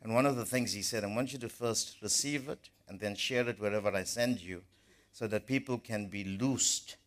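A man delivers a sermon in a fairly low voice. He speaks earnestly and with emphasis, restarting phrases and repeating words as he presses each point. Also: a bit bright. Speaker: preacher.

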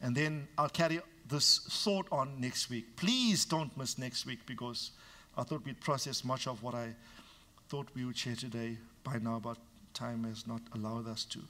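A male pastor preaching a sermon to his congregation, frank and teasing, dropping to quiet asides and then rising to emphatic, raised lines. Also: mid-range voice, normal speed.

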